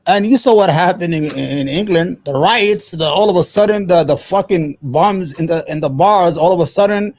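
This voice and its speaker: A man's voice: high-pitched, moderate pace, hardly any pauses, darkish tone. A man hosting his own show, giving angry, profane, emphatic political commentary. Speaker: show host.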